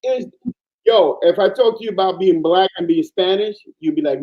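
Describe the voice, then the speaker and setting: A man from Panama, a guest in casual chat, telling stories in an animated, emphatic way over muffled lo-fi audio. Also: high voice, normal speed.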